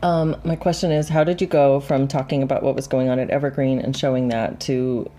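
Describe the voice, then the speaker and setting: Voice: medium pitch, level tone, a little fast, dark tone. A host in a casual kitchen-table livestream chat who laughs easily and asks curious questions.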